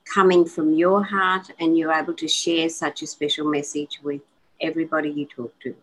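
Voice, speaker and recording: A woman's voice: sits low, level tone, normal speed, low-quality recording. A woman co-hosting an online radio interview, speaking in an earnest, affirming way. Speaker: co-host. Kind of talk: interview talk.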